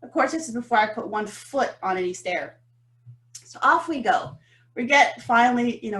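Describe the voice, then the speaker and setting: A woman, co-hosting a podcast and telling a story about business in an animated, emphatic way. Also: on the high side, normal speed, soft background music. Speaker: podcast co-host. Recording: roomy echo.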